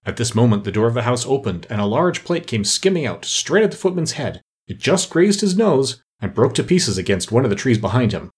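A man narrating an audiobook with an expressive, varied delivery. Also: mid-range voice, brisk, hardly any pauses, slightly rough.

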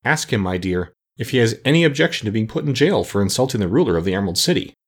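A man's voice: on the low side, big pitch swings, quick pace, husky, full character voice. A man voicing a straw-stuffed scarecrow king in an audiobook, sounding pompous and lecturing, yet kindly. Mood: fussy. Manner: pompous and lecturing, then mild. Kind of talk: audiobook character voice.

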